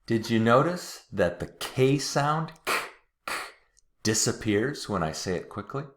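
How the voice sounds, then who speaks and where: A man teaching English pronunciation, patiently repeating words slowly and clearly. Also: medium pitch, expressive. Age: adult, watched TV as a kid in the 80s-90s. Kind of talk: slow, deliberate pronunciation lesson.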